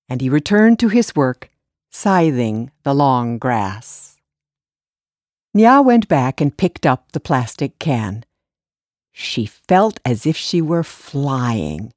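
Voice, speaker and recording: A woman reading a story aloud as narrator, in an unhurried storytelling manner, lifting the dialogue lines higher. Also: sing-song, a little mellow, dry recording, clean studio sound. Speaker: audiobook narrator. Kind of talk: scripted narration.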